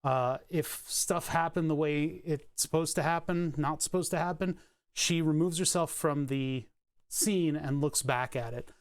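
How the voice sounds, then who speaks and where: A man talking off the cuff to viewers on a live stream, recorded close on a desk mic at home. His delivery rambles, full of fillers and restarts. When he addresses his dog, his voice jumps up into high, sing-song baby talk. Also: a little slow, smooth. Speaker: livestreamer. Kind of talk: casual live-stream chat. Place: home workspace, indoors. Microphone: desk mic on a cable.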